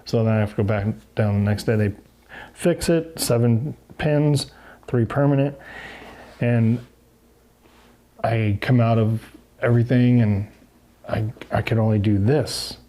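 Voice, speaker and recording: A man's voice: mid-range voice, measured pace, pauses often. A middle-aged man, a former racer, telling stories casually in an interview and acting out what people said. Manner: animated, acts out quotes. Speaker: guest, former motocross racer.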